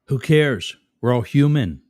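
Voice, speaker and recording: A man's voice: mid-range voice, lively intonation, a little slow, a little mellow, no room sound, studio quality. A man hosting a live stream, reading chat comments aloud and mocking the commenters sarcastically. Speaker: livestream host.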